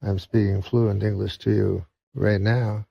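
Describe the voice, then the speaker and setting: A man with a husky, gravelly voice voicing an old male bookstore owner who speaks quietly and politely. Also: lowish voice, flat delivery, a little slow, dry recording, dull audio, full character voice. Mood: dignified.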